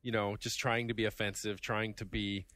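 A man chats on a gaming podcast, dropping wry remarks and dry jokes in a low voice. The sound is close and dry. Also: little pitch movement, normal speed, fairly bright tone, dry recording. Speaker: podcast panelist. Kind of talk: casual podcast chat.

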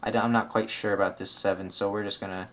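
With a lowish, slightly bright voice that barely moves in pitch, a gaming video creator talks quickly through casual gameplay commentary. He mutters numbers while tackling puzzles, makes chatty asides, and self-corrects as he goes. A little hiss or hum sits in the audio.

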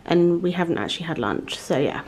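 A woman's voice: fairly low pitch, expressive, brisk. A woman talking chattily and bubbly to a handheld vlog camera while walking a city, laughing often. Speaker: travel vlogger. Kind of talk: casual travel vlog. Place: walking outdoors in busy city streets. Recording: street noise behind the voice.

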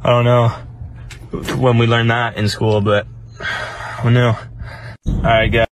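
A man's voice: medium pitch, level tone, slow. Man, rambling vlog, sheepish, noisy home video. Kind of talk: vlog to camera.

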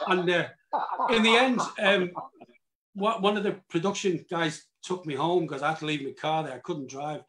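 A man, an actor guest, telling backstage anecdotes in a lively way and acting out his own cries and reactions. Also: sits high, normal speed, over a noisy crowd. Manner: animated storyteller, acts out his own reactions with loud cries. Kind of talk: anecdotal reunion chat.

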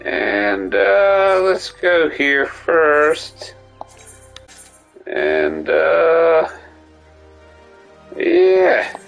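A man's voice: fairly high pitch, huge pitch swings, extremely slow, gravelly, pauses often, fairly bright tone, faint music behind, rough recording. A man streaming a game live, rambling goofily and talking to himself. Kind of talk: live gameplay stream chat.

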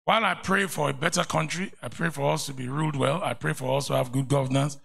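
Gravelly Nigerian man preaching. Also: medium pitch, fast. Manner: animated, mocking and preachy. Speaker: pastor. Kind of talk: sermon. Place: church.

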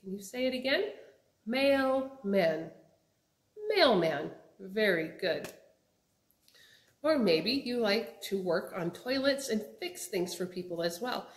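A young woman teaching children job words, asking them to repeat each word in a slow, sing-song way. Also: medium pitch, lively intonation. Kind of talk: children's vocabulary lesson. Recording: echoey room.

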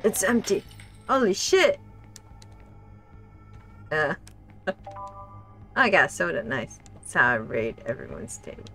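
A woman streaming a game, reacting out loud as she plays, talking to herself and laughing often. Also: deep voice, very animated, takes it slowly, long pauses, faint music behind. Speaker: gaming streamer. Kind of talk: casual let's play commentary.

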